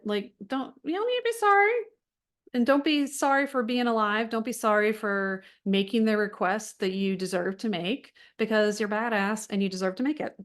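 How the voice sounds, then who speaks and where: A woman's voice: mid-range voice, normal speed. Chatty, frank middle-aged woman. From United States. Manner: chatty, frank, many fillers and restarts. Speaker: wellness group leader. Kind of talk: casual talk to a support group.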